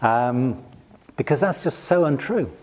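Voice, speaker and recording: A middle-aged British man gives a sermon in a relaxed, talkative way, often laughing at himself. His voice sits at an ordinary pitch for a man. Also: a little slow. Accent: British English. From Britain. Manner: conversational, self-deprecating, laughs often. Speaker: pastor.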